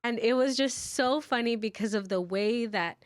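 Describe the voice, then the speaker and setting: A woman's voice: fairly high pitch, moderate pace. A woman in casual chat, talking about favorite funny moments from a podcast. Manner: chatty, fond of recalling funny moments.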